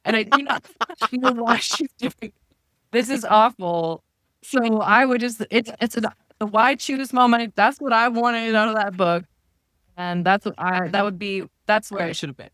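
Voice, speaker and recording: Joking woman guest, slightly high voice. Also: a little slow, a bit bright, no room sound, clean studio sound. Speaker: podcast guest. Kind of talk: casual chat.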